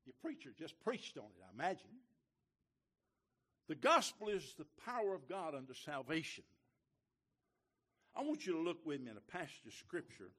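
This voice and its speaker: A man preaching a sermon as a visiting preacher in a church, folksy and joking, swinging from quiet asides to loud, emphatic lines. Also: on the high side, breathy edge. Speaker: guest preacher. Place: church sanctuary.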